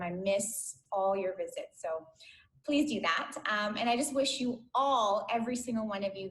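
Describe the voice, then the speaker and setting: A woman's voice: on the high side, rough recording. A woman teacher giving an affectionate farewell speech to her former students on a video call. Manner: warm, affectionate, tender.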